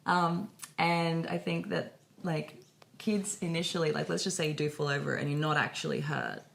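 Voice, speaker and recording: A woman, co-hosting a podcast in casual chat, telling stories with animated delivery and freely swearing. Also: low voice, moderate pace, vocal fry. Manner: animated storytelling, swears freely, acts out quoted voices. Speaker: podcast co-host.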